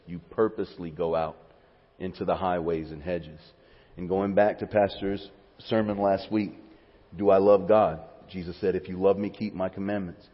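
Male preacher, husky voice, long hall echo, swings from calm teaching to fervent pleas. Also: deep voice. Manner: builds to fervent, rising pleas, then drops to quiet teaching. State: near tears. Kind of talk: sermon. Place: church sanctuary. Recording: dull sound with long hall reverb.

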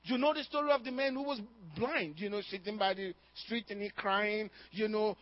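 A man preaches an emphatic sermon, firing questions at his congregation and laughing now and then. His voice is high-pitched at a normal speed, in a dry, dull lo-fi recording with no room sound.

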